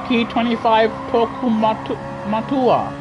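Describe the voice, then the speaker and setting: Man, British accent, young adult, excitable, chatty, live gameplay commentary, headset mic. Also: very high voice, dull audio, noisy background. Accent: British English. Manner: chatty, excitable, talks to chat. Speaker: gaming livestreamer. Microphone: gaming headset.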